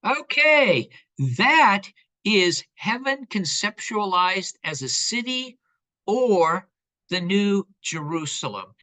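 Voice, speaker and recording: A man giving a conversational lecture in a relaxed way, with frequent fillers and asides. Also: high voice, slow, low-quality recording.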